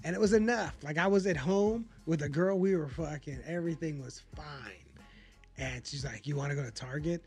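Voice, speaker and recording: High, gravelly man telling a profane story. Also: moderate pace, faint music behind. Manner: profane, animated storyteller acting out quotes. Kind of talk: casual storytelling chat.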